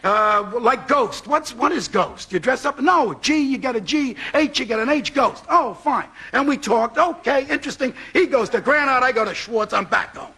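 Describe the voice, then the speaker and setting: High, bright-voiced New man spinning a yarn. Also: moderate pace, hardly any pauses, breathy edge. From New York. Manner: animated, repeats for laughs. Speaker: talk show guest. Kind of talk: comic anecdote. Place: TV studio with audience.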